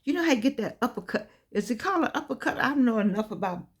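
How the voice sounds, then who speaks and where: A woman's voice: a little high, animated, fast, slightly rough. A woman in her eighties giving an inspirational talk in an earnest, preaching cadence, full of repeated words and restarts. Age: 80s. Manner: repetitive, many stammered restarts. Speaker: motivational speaker.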